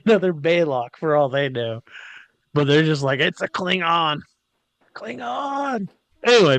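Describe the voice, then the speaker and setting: A man co-hosts a podcast and talks slowly through an episode recap. His voice is smooth and fairly high. He jokes along and mimics the characters as he goes, recorded dry and close. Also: fairly bright tone, no echo. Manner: jokey, mimics characters in quotes. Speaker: podcast co-host.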